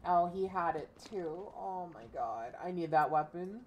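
A woman's voice: lowish voice, lively intonation, measured pace, highs cut off, a little hiss or hum. A young woman streamer giving casual gameplay commentary, ranting profanely and frustrated at the game. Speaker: gaming streamer.

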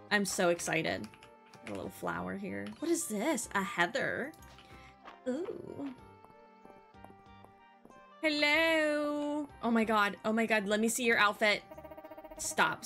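Bubbly young woman gaming over soft music. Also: medium pitch, gravelly. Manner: bubbly, excitable, gasps and gushes often. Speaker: gaming channel host. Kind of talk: casual let's-play commentary. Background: faint game music.

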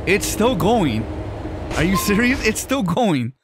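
Dude doing lets play commentary, high animated voice, slangy and joking, game sounds going behind him. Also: male voice, takes it slowly, background noise. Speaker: gaming streamer. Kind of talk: casual let's play commentary.

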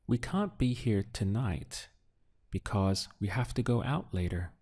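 A man leads an audio language lesson at an unhurried pace. He speaks each prompt deliberately, then leaves a pause for the listener to answer. His voice sits on the low side. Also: sing-song, darkish tone, slightly rough. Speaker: Spanish teacher.

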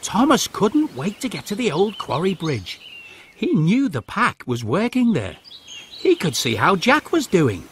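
Lively, high-voiced male storyteller. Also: a little slow, slight background noise. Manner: expressive, sing-song storytelling. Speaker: narrator. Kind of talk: children's storybook read-aloud.

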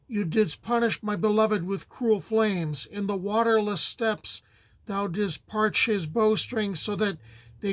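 A man's voice: high voice, no echo. A lamenting young princess, voiced by a man. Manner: pleading, incantatory calls. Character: young princess lamenting her wounded husband.

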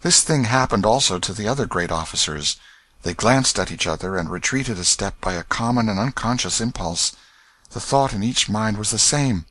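A man narrates a classic novel at a measured storybook pace. His voice sits on the low side, and the recording is dry with no room sound. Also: a bit bright, no echo. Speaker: audiobook narrator. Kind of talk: scripted narration.

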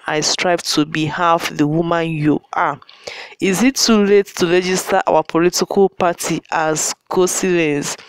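A woman who runs a celebrity gossip vlog, reading fan comments aloud and chatting to viewers in a warm, gushing, affectionate way. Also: on the low side, smooth, dry recording, low-quality recording.

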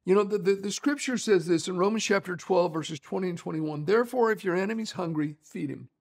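A middle-aged pastor delivers a conversational sermon, telling anecdotes in a folksy way. His voice sits high for a man and carries a gravelly edge. He restarts his sentences often and leans on casual fillers. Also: quick pace.

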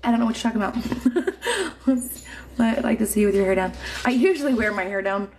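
A woman's voice: on the high side, animated, fairly quick, darkish tone, slight background noise. A woman from Indiana hosting a live stream from her home on a phone, chatty and giggly, swearing freely and a little drunk. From Indiana, USA. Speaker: livestream host. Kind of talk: casual live-stream chat reading comments. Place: home room with mounted trophies.

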